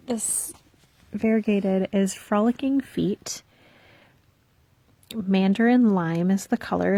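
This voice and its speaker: Young woman rambling about her knitting at home, lots of ums, mid pitch, dry sound. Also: darkish tone, no room sound. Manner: chatty and rambling, with many "um"s and asides. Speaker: knitting vlogger. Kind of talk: casual knitting vlog chat.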